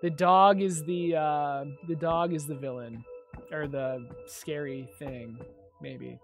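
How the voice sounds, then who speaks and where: A woman's voice: low-pitched, fairly even intonation, takes it slowly, soft background music. A woman streamer chatting and reading game text aloud as she plays, with frequent laughs. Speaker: streamer playing a fan-made game. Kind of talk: live game commentary.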